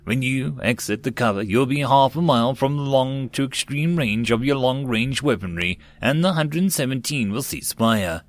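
A man's voice: mid-range voice, moderate pace, few pauses, no room sound, close to an everyday voice. A man voicing a nervous, newly made male AI battle assistant that pleads and squeals at his boss in an audiobook. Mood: briefing.

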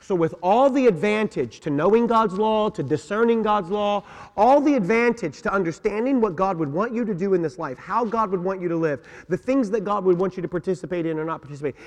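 A pastor delivers his sermon in a raised, high voice, hammering on key words and putting questions to his listeners. The sound carries a long reverb from a large church sanctuary. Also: lively intonation, a little fast. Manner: emphatic, repeats key words, asks the congregation questions. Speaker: senior pastor.

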